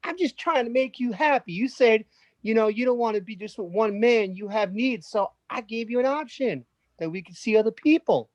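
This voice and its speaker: A man improvising an anxious young fiancé who keeps trying to please, with a high voice that stumbles over his restarts. The sound is dull and dry, like lo-fi video-call audio. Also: animated, moderate pace, a little mellow, no room sound. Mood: pleading. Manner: eager, placating, stammering restarts. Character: anxious young man, newly engaged boyfriend. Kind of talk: improv scene.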